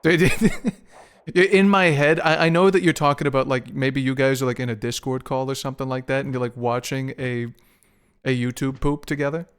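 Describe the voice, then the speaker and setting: A man's voice: medium pitch, level tone, moderate pace, clear, resonant tone. A young man streaming a game, rambling profanely and joking with his chat. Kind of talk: casual gameplay stream chat.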